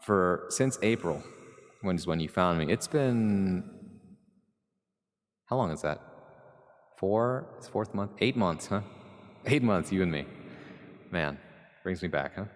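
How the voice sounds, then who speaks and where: A man's voice: deep voice, big pitch swings, unhurried, long pauses, long reverb tail. An American man streaming live, chatting in a rambling, jokey way straight to his viewers. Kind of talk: casual chat with live chat.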